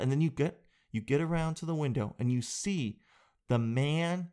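A man comedian telling a comic monologue in an animated, profane storytelling way. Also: on the high side, moderate pace, clear, resonant tone. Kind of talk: stand-up style comic monologue.

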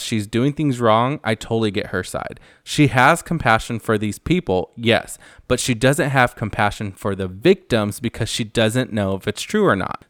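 A man's voice: lowish voice, fairly bright tone, no room sound, clean studio sound. A man hosting a casual reality TV recap, chatty and gossipy, acting out what the cast members say.

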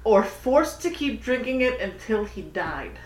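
A woman's voice: a little high, big pitch swings, a little slow. Laughing woman in an echoey room. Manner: laughing, teasing, shares fun facts. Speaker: podcast co-host. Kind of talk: casual chat. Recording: echoey room, mic at a distance.

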